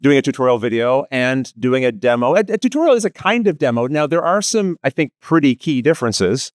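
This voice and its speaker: A man with a Maritime Canadian accent giving a lively conference panel talk, joking with the audience and asking them questions. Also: medium pitch, fairly quick, no echo, clean studio sound. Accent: East Coast Canadian, Maritimes. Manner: lively, self-deprecating, asks the audience questions. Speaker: panel presenter, tutorial video creator.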